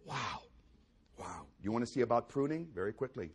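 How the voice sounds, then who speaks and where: A pastor preaching a sermon, swinging between loud exclamations and hushed near-whispers and repeating key phrases for emphasis. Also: male voice, medium pitch, very animated, brisk, slightly rough.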